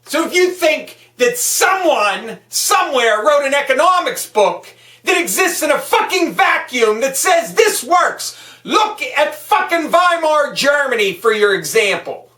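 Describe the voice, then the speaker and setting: A woman delivering an angry political rant, swearing constantly and shouting as she talks. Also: high-pitched, sing-song, measured pace, distant mic. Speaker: political vlogger. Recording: echoey room, voice a bit off-mic.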